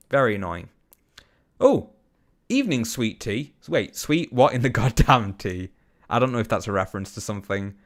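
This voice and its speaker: A man's voice: fairly low pitch, fairly bright tone. Rambling English man chatting on stream. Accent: general English, slightly posh. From Bolton, England. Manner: rambling, quick bursts, swears casually, many ums. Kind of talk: casual live-stream chat reading viewer comments.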